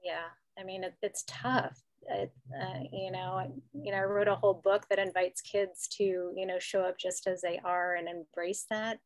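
A woman author talking haltingly at an online book event, full of fillers and restarts. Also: mid-range voice, fairly even intonation, dry recording. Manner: hesitant, many "you know" fillers and restarts. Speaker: author and guest.

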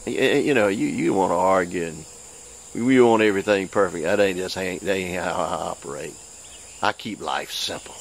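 Man preacher-host, folksy and excitable, low gravelly voice, faint crickets behind. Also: slight background noise. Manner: folksy, excitable, voice jumps high when acting out others. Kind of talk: informal preaching with storytelling.

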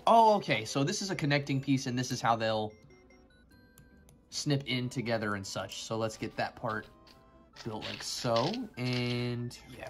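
A man's voice: mid-range voice, a bit bright. Rambling man narrating a toy build. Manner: rambling, joking, easily sidetracked. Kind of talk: casual build commentary.

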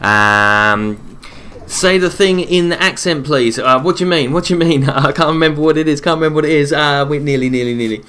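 A man with a bright, forceful voice talks through a live game stream, reading chat messages out and replying in a relaxed, chatty way, often repeating himself. Soft keyboard typing sits faintly behind him. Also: fairly high pitch, a little fast, slight background noise. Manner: reads chat messages aloud and answers viewers between play calls; relaxed, chatty, repeats his own phrases. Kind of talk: casual live-stream commentary while gaming.

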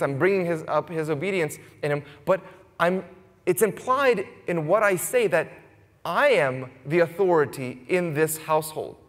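A man's voice: a little high, fairly bright tone, big-room sound. A man in his thirties preaching a conversational sermon, often turning to the congregation with "right?". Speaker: pastor. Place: church sanctuary.

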